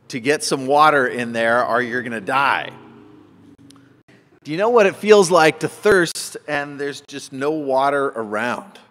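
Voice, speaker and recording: A male pastor giving a conversational sermon, animated and acting out little asides. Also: medium pitch. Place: church sanctuary. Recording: church hall with long reverb.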